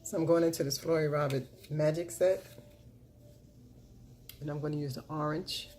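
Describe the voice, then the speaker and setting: A woman with a low, mellow voice narrates her makeup tutorial in a loose, chatty way. She murmurs along as she works and keeps coming back to her catchphrases. There is a faint hiss behind her. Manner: repeats catchphrases, bursts into loud excited chanting. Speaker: beauty vlogger. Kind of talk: casual makeup tutorial chat.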